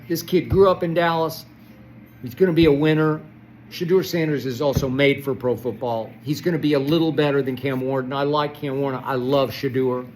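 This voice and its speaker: An older man hosting a solo sports commentary, ranting with passion and swinging from loud outbursts to soft muttering. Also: medium pitch, a little hiss or hum, low-quality recording. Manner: impassioned, swings between shouting and soft muttering. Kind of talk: solo sports rant to camera.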